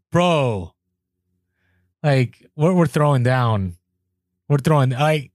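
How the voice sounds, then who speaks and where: A man's voice: medium pitch, slow, long pauses, no echo, clean studio sound. A man chatting casually and telling a story, acting out the people in it, his voice jumping up when he is exasperated. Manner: animated, acts out quoted people, voice jumps up in exasperation.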